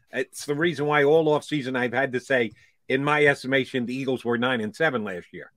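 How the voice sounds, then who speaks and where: Male sports radio co-host, bright and punchy, wry and jokey, dry close mic. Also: mid-range voice, a little fast, no echo. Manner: wry, animated, jokey asides. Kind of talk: casual sports talk.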